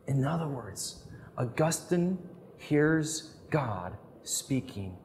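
A man lecturing on scripture with earnest storytelling, his voice sitting at an everyday middle pitch. He swings between emphatic stress and quiet, hushed phrases. A long hall reverb trails behind every sentence. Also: animated, moderate pace, a little hiss or hum.

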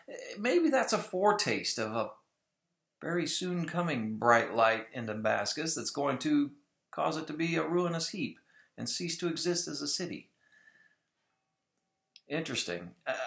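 Speaking at a medium pitch with a creaky, slightly bright voice, a man gives opinionated, casual vlog commentary on Bible prophecy. He frequently mimics others to mock them, and the sound has a roomy echo.

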